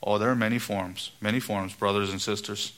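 A middle-aged man preaching a sermon, getting emphatic and rising in pitch on key points. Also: fairly even intonation, brisk, fairly bright tone. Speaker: pastor.

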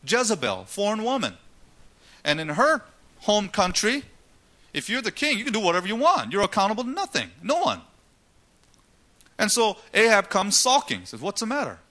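A man's voice: high-pitched, huge pitch swings, moderate pace, long pauses, pushed and bright. A man preaching a sermon, asking rhetorical questions and retelling scripture stories dramatically. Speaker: pastor.

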